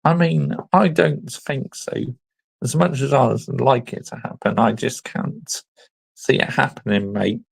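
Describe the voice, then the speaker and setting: Slow gravelly man talking football. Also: mid-range voice, fairly even intonation, no echo, rough recording. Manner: measured, emphatic. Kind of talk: casual football chat.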